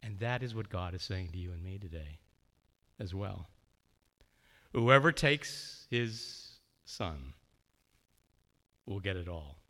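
A man's voice: on the low side, a bit bright. A man preaching a sermon, telling a story with feeling and briefly voicing the characters.

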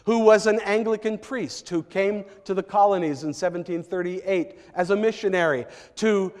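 Man preaching a sermon, kinda high voice, takes his time, big echoey church reverb. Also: moderate pace, a little mellow. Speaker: pastor.

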